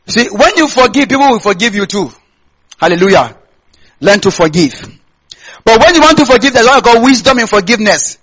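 A Nigerian man preaching a sermon in a high, husky voice. He talks straight to the congregation and keeps asking them questions so they answer back. His accent is plainly Nigerian. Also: expressive, fairly quick, fairly bright tone, poor audio. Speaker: pastor.

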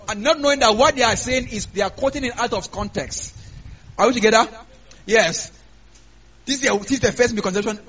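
High-voiced preacher with a dull, lo-fi sound. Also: male voice, fairly bright tone. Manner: emphatic, calls out to the congregation. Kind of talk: sermon. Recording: dull, lo-fi recording.

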